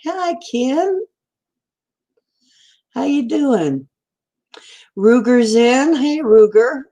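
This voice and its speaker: A woman's voice: sits high, lively intonation, very slow, mellow. A woman hosting a casual live stream from home, greeting viewers by name and rambling in a giggly, stream-of-consciousness way. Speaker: livestream host.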